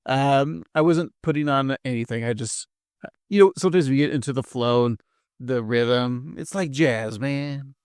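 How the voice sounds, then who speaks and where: A man's voice: medium pitch, normal speed, a little mellow, clean tone, no room sound. A man co-hosts a podcast in loose, joking chat, padding his talk with fillers. The dry, close sound has no room around it. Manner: joking, rambling, lots of fillers. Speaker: podcast co-host.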